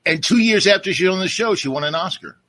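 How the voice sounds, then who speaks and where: Older male co-host, bright and animated, teasing. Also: high voice, fast. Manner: joking, teasing. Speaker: podcast co-host. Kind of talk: casual chat.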